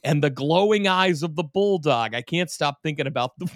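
Animated male podcast storyteller, dry sound. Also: fairly high pitch, moderate pace, no echo. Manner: animated storyteller, swears, slips into silly character voices. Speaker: podcast co-host. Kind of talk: casual podcast chat recapping an episode.

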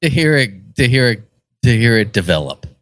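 A man's voice: medium pitch, sing-song, moderate pace, fairly bright tone, no room sound. A man co-hosting a podcast, making amused, teasing remarks in casual chat. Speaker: podcast co-host.

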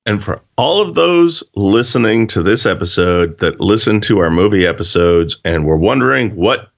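A man co-hosting a podcast, telling stories in casual, profane, animated chat. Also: fairly low pitch, normal speed, creaky, highs cut off. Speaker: podcast co-host.

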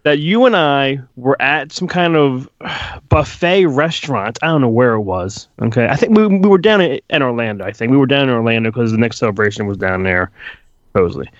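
A man's voice: medium pitch, fairly quick, dry recording, highs cut off. A man co-hosting a podcast in casual chat, telling stories with lots of swearing. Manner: animated storyteller, swears freely. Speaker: podcast co-host.

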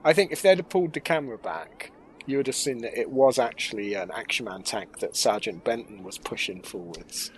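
A man's voice: medium pitch, fairly quick, a little hiss or hum, poor audio. A man co-hosting a casual podcast, making jokey, teasing asides about a TV episode. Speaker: podcast co-host.

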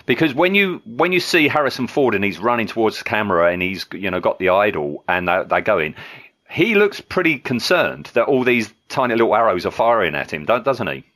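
Man, low-pitched voice, casual podcast host, chatty, chuckles often. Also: brisk. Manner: relaxed and chatty, frequent ums and chuckles. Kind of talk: casual film podcast chat.

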